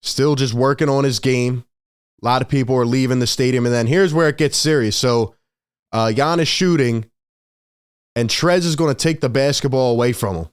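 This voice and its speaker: A man hosting a casual basketball recap, excitable, laughing often and acting out what the players said. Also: medium pitch, clear, resonant tone, no echo, clean studio sound. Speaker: sports video host. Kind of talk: casual game recap commentary.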